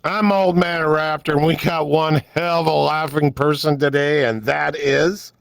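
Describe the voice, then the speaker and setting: A man's voice: on the high side, little pitch movement, unhurried, vocal fry, no room sound. A man co-hosting a casual podcast, joking and swearing, teasing with mock voices, asking the guest questions. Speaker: podcast co-host.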